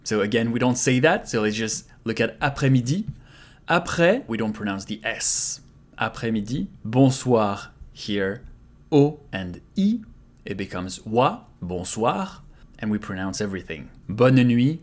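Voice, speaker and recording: A man with a French accent, a native French speaker, teaching a video language lesson and repeating each word slowly for learners to copy. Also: on the low side, expressive. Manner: slow, repeats words for practice.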